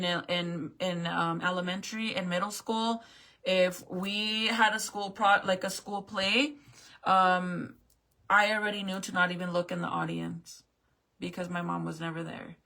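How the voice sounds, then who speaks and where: A woman's voice: mid-range voice, bright, forceful tone. A woman in her late thirties talking casually to her viewers, swearing freely and fighting back tears, laughing nervously as she gets emotional. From New Mexico. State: tearful. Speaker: vlogger. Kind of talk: casual confessional talk to camera.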